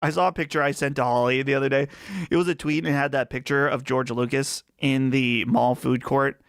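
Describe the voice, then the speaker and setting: A man's voice: mid-range voice, steady tone, fairly quick, clear, resonant tone, no echo. A man with a Western Pennsylvania accent hosting a casual live chat stream, chatty and rambling on a close mic. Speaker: livestream host.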